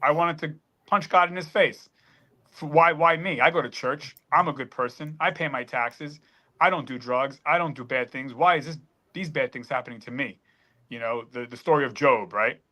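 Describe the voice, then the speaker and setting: Choked-up man with a bright voice. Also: medium pitch, moderate pace. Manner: earnest, choked up, emphatic. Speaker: panel guest. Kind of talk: emotional personal story.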